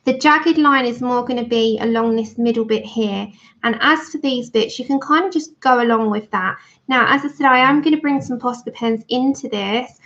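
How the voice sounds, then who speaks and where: Chatty woman, gravelly lo-fi. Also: on the high side, moderate pace. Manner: chatty, thanks viewers warmly by name. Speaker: livestream colouring host. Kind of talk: casual livestream chat while colouring. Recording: dull lo-fi stream audio.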